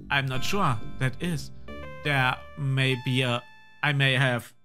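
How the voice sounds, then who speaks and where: A man's voice: medium pitch, steady tone, slow pace, over music, lightly acted. A man voicing a nervous female store clerk who stammers with fear, in a game read-along. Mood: fearful. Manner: stammering, fearful.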